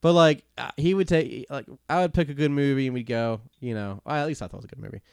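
A man co-hosting a podcast in casual banter, ranting in a profane, animated way and laughing. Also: mid-range voice, quick pace, vocal fry, smooth, dry recording, studio quality. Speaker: podcast co-host.

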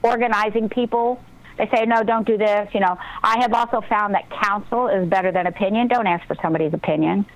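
A woman's voice: mid-range voice, quick pace, low-quality recording. Woman on a radio show giving pep talk advice, earnest and upbeat. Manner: earnest, motivational, talks about breathing and intuition. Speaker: guest author. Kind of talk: casual radio interview.

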